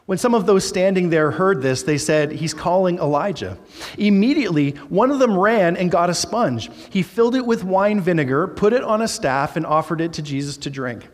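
A man's voice: high voice, animated, moderate pace, long reverb tail. A man who is a Baptist pastor, preaching a sermon in a conversational way and reading scripture aloud with emphasis.

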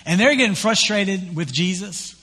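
A man preaching a sermon as pastor, retelling scripture in a conversational, animated way with acted-out quotes. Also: high voice, normal speed, in a large hall.

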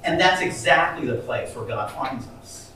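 A man's voice: medium pitch, expressive, moderate pace, bright, forceful tone, slight background noise. A man preaching a sermon, telling a story with many restarts and rising to emphatic peaks. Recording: echoey hall from far off.

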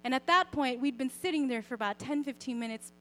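A young woman giving a personal faith talk, speaking expressively and conversationally, often softening to a quiet, gentle tone. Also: high-pitched, quick pace. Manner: conversational, with fillers and self-corrections. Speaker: Christian speaker sharing a parenting story.

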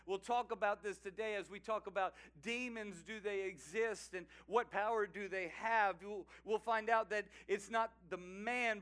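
A male pastor preaching a sermon, animated and emphatic, with laughing asides. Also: high voice, clear, resonant tone.

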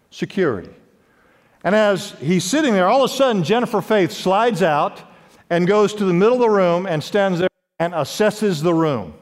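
A man preaching a sermon as pastor, emphatic, with wide swings in pitch and loudness, in a large church. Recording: long hall reverb.

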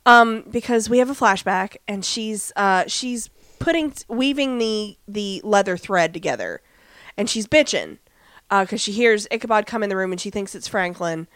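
A chatty woman co-hosting a fan podcast, breezing through an episode recap and jumping into the characters' lines. Her voice is smooth and clean. The recording is dry, with no room sound. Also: mid-range voice, expressive, normal speed, fairly bright tone, no echo. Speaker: podcast co-host. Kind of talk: casual fan podcast chat.

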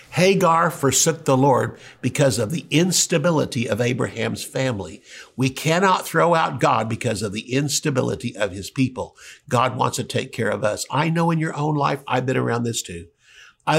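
A man preaching a sermon, earnest and emphatic, swinging between raised peaks and quiet low passages. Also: gravelly, breathy edge.

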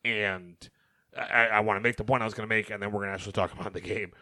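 A young man co-hosting a sports podcast, animated and talking over his co-host as he recaps games. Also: lowish voice, rapid-fire, no room sound. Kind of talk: casual sports chat.

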